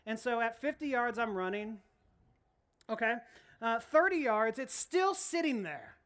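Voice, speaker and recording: A woman pastor preaching a sermon, telling a story in a lively, animated way with frequent restarts. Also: fairly high pitch, a little slow. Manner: animated storytelling, laughs often, many restarts.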